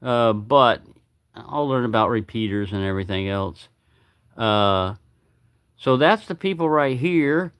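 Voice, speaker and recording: Male livestream host, rambling chatty delivery, dry close sound, mid pitch. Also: animated, unhurried, fairly bright tone, smooth, dry recording. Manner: rambling, chatty, repeats himself. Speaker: knife channel host. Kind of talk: casual livestream chat.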